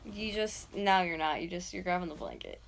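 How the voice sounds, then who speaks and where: A woman in her twenties from North America, chatting casually on a late-night livestream at home. She rambles with lots of fillers and sometimes yells loudly to wake someone. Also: on the low side, a little fast, vocal fry, slight background noise. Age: 20s. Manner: rambling, filler-heavy, breaks into loud yelling to wake someone. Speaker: vlogger livestreaming. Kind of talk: casual livestream chat while doing art.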